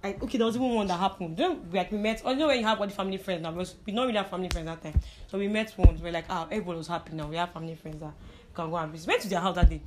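A woman's voice: on the low side, rapid-fire, darkish tone, slight background noise. A young Nigerian woman telling stories in a casual chat. She mixes in pidgin and laughs often. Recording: crowd chatter in the background.

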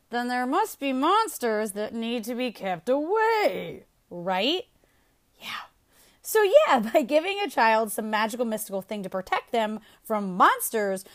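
Upbeat woman host giving parenting tips, higher voice, lots of swing in her pitch. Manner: chatty, laughs often, upbeat. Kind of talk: casual parenting advice.

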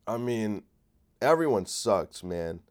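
A man's voice: fairly low pitch, very animated, slow. Sick man ranting sardonically. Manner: rambling, profane, sardonic. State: sick with a cold. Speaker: podcast host. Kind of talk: solo comedic political rant.

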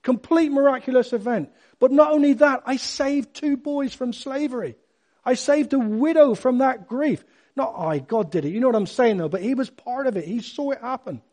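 Casting: middle-aged male preacher, light high voice, emphatic bursts. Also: normal speed. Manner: emphatic, animated preaching with sudden loud bursts. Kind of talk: sermon.

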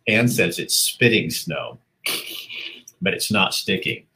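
A man with a deep, low voice hosts a casual livestream. He reads comments aloud in a loose, chatty way and laughs easily between them. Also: expressive, takes it slowly, bright, forceful tone. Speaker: livestream host reading viewer comments. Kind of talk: casual live-stream chat.

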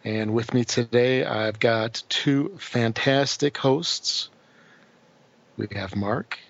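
A man hosts a casual podcast with a playful, jokey manner. His voice carries a gravelly fry at a mid pitch. The recording sounds dull and lo-fi. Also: slow, no echo. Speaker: podcast host.

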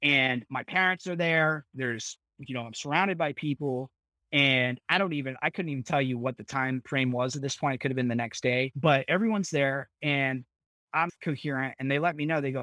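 Recorded dry, a young man at medium pitch and normal pace recounts a dramatic episode from his life as a podcast guest. The retelling is lively and casual, laced with profanity.

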